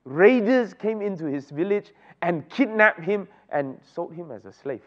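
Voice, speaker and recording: Man, Bible study teacher, asks rhetorical questions, slightly high voice, muffled lo-fi recording. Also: lively intonation, a little slow. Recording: dull lo-fi recording.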